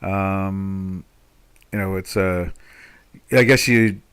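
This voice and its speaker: A man's voice: deep voice, steady tone, very slow, fairly bright tone, smooth. An older man from the United States hosting a live trading webinar, rambling through market commentary with lots of fillers and restarts. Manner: rambling, full of "you know" fillers and restarts.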